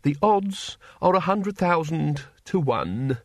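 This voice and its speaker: A man's voice: on the high side, animated, slow, no room sound, clean studio sound, voice pushed up. A man voicing a fussy, nervous male teacher who protests politely. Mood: protesting. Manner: prim, protesting.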